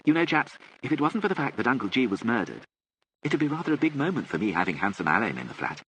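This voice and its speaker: A man's voice: medium pitch, sing-song, quick pace, fairly bright tone, slight background noise, pitched above the performer's own voice, rough recording. A man voicing a theatrical, flippant young aristocratic woman with breezy upper-class chatter.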